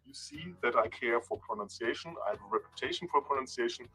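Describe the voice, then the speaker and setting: A man presenting a playful segment on pronouncing brand and place names, teasing and animated. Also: mid-range voice, fast, low-quality recording. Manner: animated, teasing, repeats words to correct pronunciation. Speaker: industry analyst presenting a segment. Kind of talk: playful explanatory monologue.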